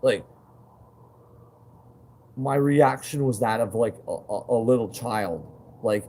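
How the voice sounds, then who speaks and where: A man's voice: medium pitch, takes it slowly, long pauses, warm tone. A man talking straight to his viewers in a rambling monologue, agitated and profane, full of fillers and repeated questions.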